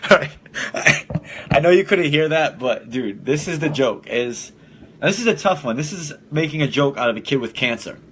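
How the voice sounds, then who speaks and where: A young man talks bluntly and swears freely as he hosts a casual solo podcast, now and then laughing at his own jokes. His voice is bright and forward. Faint noise hums under the home recording. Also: a little high, wildly swooping pitch, moderate pace. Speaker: podcast host.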